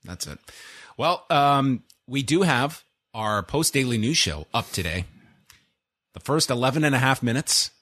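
A man's voice: medium pitch, fairly bright tone, no echo. Man, dry sarcastic podcast host. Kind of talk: casual podcast chat.

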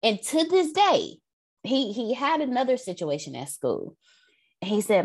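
A woman's voice: fairly high pitch, big pitch swings, normal speed, darkish tone. Woman retelling a family story. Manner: retells her child's words. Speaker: class participant. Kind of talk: casual storytelling.

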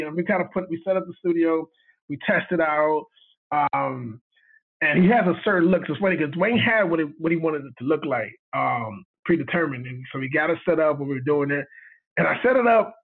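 A man's voice: a little high, fast talker, breathy edge. A man, a guest cinematographer, telling a story in casual chat, acting out quoted dialogue and laughing often. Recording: tinny phone line.

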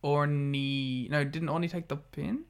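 A podcast co-host talks wrestling in a casual, blunt way, swearing freely and laughing mid-sentence. His voice is fairly high-pitched, with a steady tone and a measured pace.

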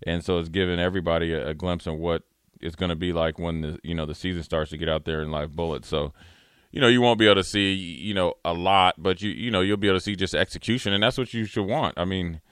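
A man's voice: low voice, fairly even intonation, quick pace, fairly bright tone, clean tone, no room sound, studio quality. A man who once played the game, co-hosting a sports talk show in a rambling, filler-heavy way. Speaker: sports radio co-host, former player.

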